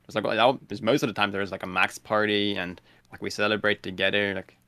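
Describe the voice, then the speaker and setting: A man's voice: lowish voice, fairly even intonation, brisk, bright, forceful tone, no echo, studio quality. A man chatting casually on a podcast, laid-back and blunt, with many "like" fillers. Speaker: guest streamer.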